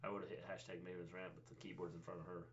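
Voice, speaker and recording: A man co-hosting a casual recap podcast, calmly pushing back with dry remarks. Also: sits low, fast, creaky. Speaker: podcast co-host. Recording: slightly dull lo-fi recording.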